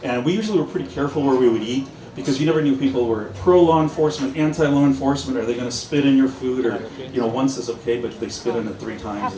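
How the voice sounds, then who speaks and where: A man who used to work in law enforcement, telling humorous anecdotes to an audience and acting out the dialogue. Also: medium pitch. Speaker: former police officer sharing stories. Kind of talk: live storytelling talk to an audience. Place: indoors at a busy pub event. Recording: echoey pub from far off with crowd.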